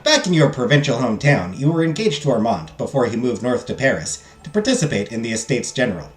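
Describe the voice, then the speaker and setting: In a fast, lively medium-pitched voice, this man plays through a text game on stream, reading its narration and joking with viewers. His asides are jokey and self-deprecating, in the manner of a let's play. Faint game music plays behind him in a room with noticeable echo.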